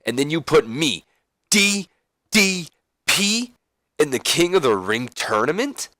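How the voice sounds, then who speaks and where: A man's voice: on the high side, very animated, slow, sharp tone, no echo, studio quality, pitched above the performer's own voice, exaggerated voice. A man voicing an angry veteran male wrestler in a let's play, ranting in a raised, indignant voice. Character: angry veteran male wrestler demanding his title shot.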